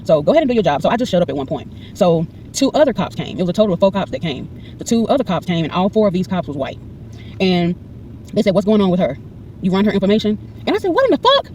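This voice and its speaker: A woman's voice: lowish voice, fast talker, distant mic, a little hiss or hum. A woman in her forties telling a personal story to camera, acting out the dialogue in a heated, indignant way. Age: 40s. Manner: animated, acts out every exchange in quoted dialogue; heated and indignant when retelling. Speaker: vlogger recounting a personal incident.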